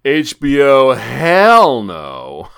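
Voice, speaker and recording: Animated, theatrical male podcast host. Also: medium pitch, very slow, vocal fry, smooth. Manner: theatrical, jokey, swoops between loud and quiet. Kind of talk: comedic gaming podcast banter.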